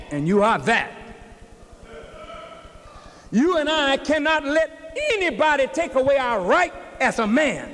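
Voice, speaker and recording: A man preaching a sermon with a high, ringing voice, taking his time over every phrase. He speaks straight to the congregation, and his words echo through a large hall with a long reverb. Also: big pitch swings, a little slow, long pauses, fairly bright tone. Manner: preaching, addressing the congregation directly. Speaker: minister.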